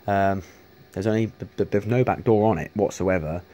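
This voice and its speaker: A man's voice: sits low, normal speed, dark tone. A man chatting casually to camera, rambling with many restarts and casual swearing. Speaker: vlogger showing arcade machines.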